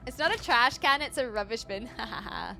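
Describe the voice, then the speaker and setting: A woman streamer from New Zealand whose formal, British-sounding accent carries a faint Kiwi twinge. Her voice sits fairly high as she chats casually through a game, with clear game music playing underneath. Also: animated, normal speed. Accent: formal British-sounding with a slight Kiwi twinge. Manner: formal, precise speech. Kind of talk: casual gameplay commentary.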